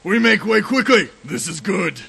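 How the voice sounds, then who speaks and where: A man barks gruff orders in playful in-character game chat. His voice is strongly gravelly and bright, and it sits fairly high. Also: sing-song, normal speed.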